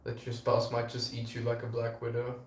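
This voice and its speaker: A man's voice: mid-range voice, monotone, a little fast, distant mic. A man bantering as a co-host on a live stream, dry and teasing. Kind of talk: casual banter. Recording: echoey room, off-mic.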